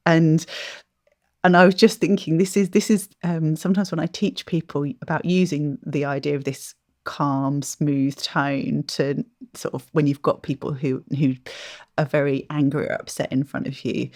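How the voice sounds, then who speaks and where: A woman co-hosting a podcast, chatting casually and hesitantly, with many fillers and pauses. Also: low-pitched, no room sound, studio quality. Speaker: podcast co-host. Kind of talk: casual interview chat.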